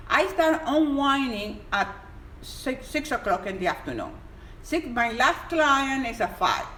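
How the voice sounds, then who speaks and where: A woman's voice: sits high, sharp tone, roomy sound, low-quality recording. Woman, emphatic health coach, casual stream chat, faint background noise. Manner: emphatic and exuberant, pleading at times. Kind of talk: casual live-stream advice. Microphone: phone on a live stream.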